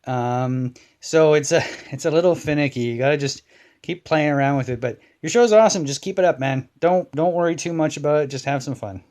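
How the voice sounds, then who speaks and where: A man's voice: a little high, brisk, a little mellow. Chatty, friendly male caller. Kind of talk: casual voicemail call-in.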